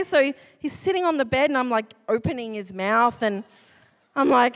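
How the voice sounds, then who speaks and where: A woman in her thirties telling a funny personal anecdote in an animated, self-deprecating way. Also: a little high, moderate pace. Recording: long hall reverb.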